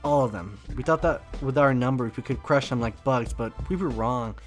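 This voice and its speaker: A man's voice: medium pitch, normal speed, faint music behind, lightly acted. A man voicing an earnest young male resistance leader who speaks solemnly.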